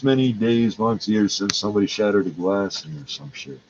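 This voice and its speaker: A man's voice: lowish voice, lively intonation, normal speed, lo-fi sound, a little hiss or hum. A man in pain, ranting in a rambling, heated and profane way. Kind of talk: angry rambling rant.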